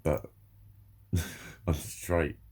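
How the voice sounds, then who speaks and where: A man's voice: extremely low pitch, level tone, extremely slow, a little mellow, husky. A man in his forties talking candidly and emotionally to camera, swearing heavily in a confessional monologue. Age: 40s. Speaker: vlogger.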